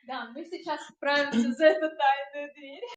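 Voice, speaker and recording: A woman guide calmly explaining things to visitors inside a church. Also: sits high, fairly quick.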